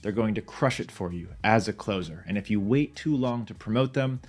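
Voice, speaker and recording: A man's voice: fairly low pitch, brisk. A man teaching beginners a sales method in a direct, confident, plain-spoken way. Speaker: sales trainer. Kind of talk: instructional talk to camera.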